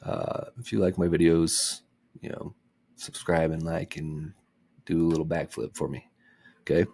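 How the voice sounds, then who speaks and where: A man who runs a reading channel chats casually after reading a chapter aloud, rambling, joking, and poking fun at himself. His bass voice barely moves in pitch and comes at a measured pace, creaky and a little mellow with a breathy edge.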